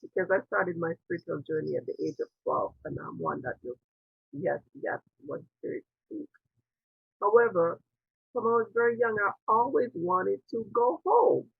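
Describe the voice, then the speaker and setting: A woman's voice: mid-range voice, lively intonation, normal speed, gravelly, slightly rough, no echo. A woman priestess hosting an interview, telling her spiritual story in an earnest, digressive way and quoting her own past thoughts aloud. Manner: earnest, digressive, with quoted inner dialogue. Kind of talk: reflective personal storytelling. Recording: tinny phone-like line.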